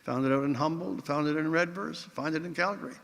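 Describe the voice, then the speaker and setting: A man delivers an after-dinner keynote, spinning wry anecdotes with theatrical rhetorical flourishes. His voice is bright, forceful and a little high, and it rings with the long reverb of a large event hall. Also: fast talker, creaky. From Newfoundland, Canada. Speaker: keynote speaker.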